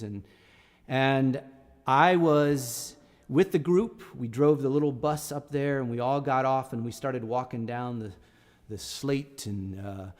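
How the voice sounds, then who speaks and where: A man's voice: medium pitch, darkish tone, long reverb tail. A middle-aged man, a singer-songwriter on a live stream, telling a story in a casual and rambling way with many restarts. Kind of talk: casual spoken storytelling between songs.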